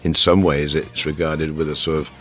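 A man's voice: very deep voice, flat delivery, moderate pace, a bit bright, faint music behind. A man from England answering interview questions in a thoughtful, rambling way with many asides. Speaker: guest expert.

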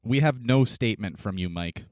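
A man's voice: fairly low pitch, lively intonation, moderate pace, darkish tone, dry recording, clean studio sound, lightly acted. A man playing an adult male police detective making an earnest appeal for cooperation, in a dramatized interview reading.

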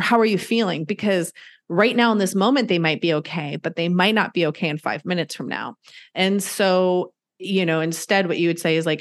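Earnest middle-aged woman, low voice. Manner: earnest, emphatic, acts out quotes. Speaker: guest sharing pet loss story. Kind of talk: candid conversational storytelling.

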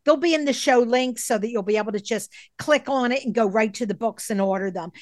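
High-voiced woman podcast host. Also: fairly quick, no echo, clean studio sound. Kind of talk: interview conversation.

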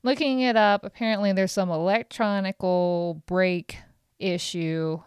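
Woman ranting about her day on her podcast, cussing a lot, super smooth clear voice, dry close sound. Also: medium pitch, unhurried, no room sound. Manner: animated, profane, exasperated storytelling. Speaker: podcast host. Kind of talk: solo storytelling podcast.

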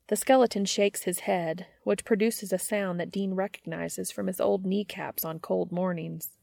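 Low, gravelly woman narrator with wry comic timing, dry close recording. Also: steady tone, a little slow, few pauses, a little mellow, no room sound. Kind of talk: fan fiction reading.

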